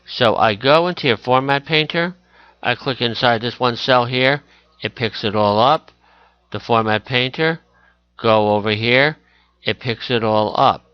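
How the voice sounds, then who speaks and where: A man teaching a screen-recorded software tutorial, talking through each click as he goes and correcting himself along the way. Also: medium pitch, measured pace, clean tone, dry recording, highs cut off.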